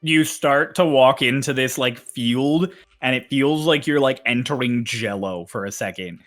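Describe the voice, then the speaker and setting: A man's voice: mid-range voice, a little slow, fairly bright tone, soft background music. A man narrating a tabletop game as game master, in a casual, loose way that laughs often.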